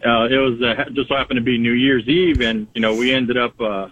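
A man's voice: mid-range voice, fairly even intonation, fairly quick, fairly bright tone, slight background noise. A man calling in to a radio show, telling a story in a rambling way with lots of "uh" and "you know". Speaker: radio caller. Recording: tinny phone line.

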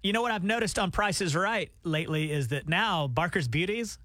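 Male radio co-host, high-pitched, chatty, dry close studio sound. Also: animated, a little fast, pushed and bright, no echo. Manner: chatty, brings up stories and recommendations. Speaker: radio morning show co-host. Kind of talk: casual morning radio banter. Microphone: studio microphone.

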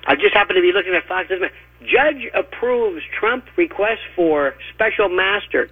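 A man's voice: sits high, lively intonation, normal speed, husky, dry recording. Ranting man on a tinny phone line. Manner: emphatic, mocking, ranting. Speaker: radio commentator. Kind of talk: opinionated phone-in commentary.

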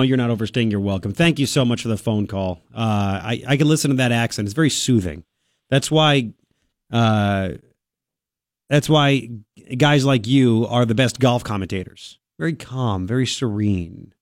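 A man hosting a talk radio show, opinionated and sarcastic, with quick asides. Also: medium pitch, no room sound, studio quality. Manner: brash, sarcastic, rapid asides. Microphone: studio microphone.

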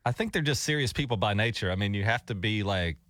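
A man's voice: on the low side, lively intonation, fast, fairly bright tone, dry recording. A man hosting a morning radio show, chatting in an easygoing way and reading station promos. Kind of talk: casual radio banter.

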